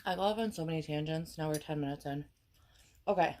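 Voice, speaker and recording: Low-voiced Wisconsin woman rambling while cooking. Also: quick pace, a little mellow, slight background noise. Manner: rambling, chatty, self-deprecating, swears casually. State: pregnant and tired. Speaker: cooking vlogger. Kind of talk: casual chat while cooking.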